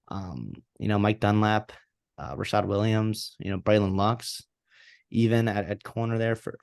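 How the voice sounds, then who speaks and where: A man's voice: mid-range voice, no echo, clean studio sound. A man co-hosting a sports podcast, talking casually and rambling with many restarts and fillers. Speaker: podcast co-host.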